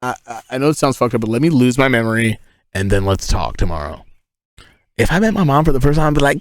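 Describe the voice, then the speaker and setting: A man's voice: mid-range voice, fast talker, no room sound. A man in his thirties chatting casually on a livestream, telling rambling stories full of swearing. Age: 30s. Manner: profane, rambling, animated storytelling. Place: inside a tent.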